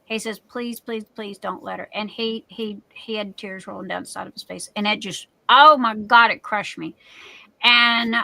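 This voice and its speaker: A woman's voice: medium pitch, steady tone, moderate pace, creaky, bright, forceful tone, no room sound, poor audio. A middle-aged woman hosting a livestream, telling a personal story in a candid, emotional way. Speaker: livestream host. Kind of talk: casual chat.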